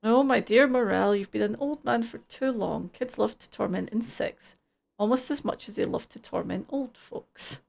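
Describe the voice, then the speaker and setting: A woman's voice: medium pitch, normal speed, creaky, a little mellow. A woman streamer reading video game dialogue aloud, with dry, wry asides.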